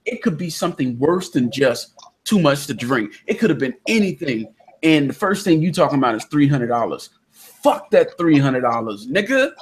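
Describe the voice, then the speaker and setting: Husky-voiced man telling a story. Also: mid-range voice, moderate pace. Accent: Southern American. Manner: animated storyteller, acts out quotes loudly. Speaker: podcast host. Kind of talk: casual chat, storytelling. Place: indoors during a thunderstorm. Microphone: online call connection.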